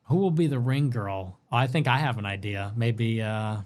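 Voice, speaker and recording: A man hosting a livestream, reading and answering viewer messages in a sarcastic, mocking way that swings between loud outbursts and low mutters. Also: moderate pace. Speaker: livestream host. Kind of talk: livestream commentary reading super chats.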